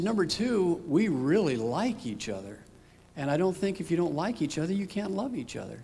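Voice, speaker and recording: Middle-aged man, gravelly voice, church testimony, storytelling, echoing hall. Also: fairly high pitch, a little mellow. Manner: storytelling, acting out remembered dialogue. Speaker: father giving a church talk. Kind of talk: personal testimony.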